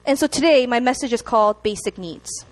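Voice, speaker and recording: A young woman preaching a sermon to a congregation, chatty and animated, often checking in with the room. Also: on the high side, a little fast. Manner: animated, chatty, laughs at herself, asks the room to respond.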